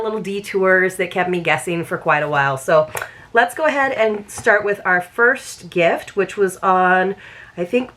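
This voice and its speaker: A woman talking through a book box unboxing in an easygoing, chatty way. She rambles and restarts her sentences, always at a middling pitch. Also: fairly bright tone. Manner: chatty, rambling, circles back on herself. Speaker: book subscription reviewer. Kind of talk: casual unboxing chat.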